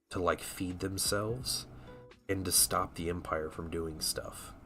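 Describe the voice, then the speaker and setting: Man, low voice, casual rambling streamer talking to chat while painting, faint music bed. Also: a bit bright. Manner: rambling and chatty, full of "like" and restarts; answers his chat viewers as he paints. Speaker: live streamer painting miniatures.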